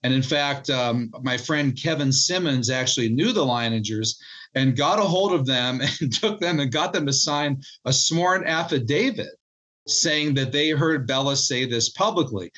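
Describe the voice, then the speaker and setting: A man's voice: medium pitch, moderate pace, fairly bright tone, muffled recording. A man, a book co-author, telling his research story in an interview in an earnest way, often restarting and repeating words.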